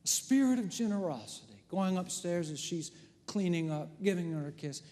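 Casting: middle-aged male pastor, high lively voice, dramatic storyteller, church reverb. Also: moderate pace. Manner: animated storytelling, swings from hushed to loud. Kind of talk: sermon. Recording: long hall reverb.

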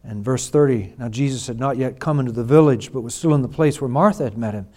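A man preaching a sermon, reading scripture and swinging from hushed, slow lines to loud, drawn-out emphatic ones. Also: mid-range voice. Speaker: pastor.

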